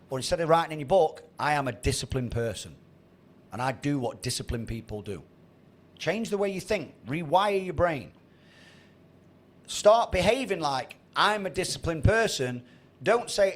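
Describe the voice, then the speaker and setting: A man's voice: on the high side, lively intonation, moderate pace, long pauses. A man in his thirties giving a blunt, sweary motivational talk to a trading group on a video call. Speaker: trading mentor.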